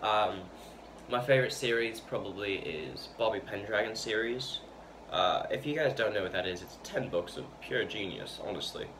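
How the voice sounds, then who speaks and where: A man's voice: fairly low pitch, lively intonation, moderate pace. A man vlogging in a loose, rambling way, stuttering and repeating words, with plenty of fillers and restarts. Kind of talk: casual rambling talk to camera. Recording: noisy background hiss.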